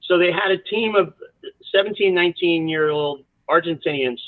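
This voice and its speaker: Animated man telling stories over a tinny line. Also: a little high, normal speed, dry recording. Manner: animated, rambling storyteller with many asides. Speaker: college soccer coach, guest. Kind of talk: storytelling in a podcast interview.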